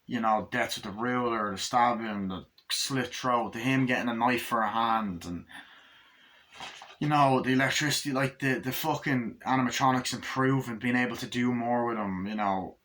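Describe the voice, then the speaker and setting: A man's voice: mid-range voice, normal speed, a bit bright. A man giving a casual, rambling movie review, full of filler words and cursing. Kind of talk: casual plot recap and review.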